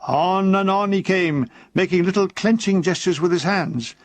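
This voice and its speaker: A man with a notably high voice narrates his own comic memoir at a moderate pace, keeping it dry and deadpan while briefly slipping into put-on voices for quoted characters. The recording is close and dead, without echo or room sound.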